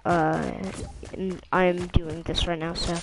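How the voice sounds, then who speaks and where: A man's voice: a little high, level tone, takes it slowly, vocal fry, music in the background, rough recording. A young man chatting in a game voice chat, swearing casually and setting up the match for his friends. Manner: bossy, swears casually, runs the lobby. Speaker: gamer streamer. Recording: background noise in a game voice chat.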